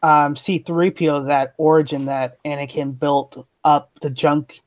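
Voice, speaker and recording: A man's voice: on the high side, fairly even intonation, a little slow, no room sound. A talkative man in a casual chat who argues his points at length. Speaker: co-host.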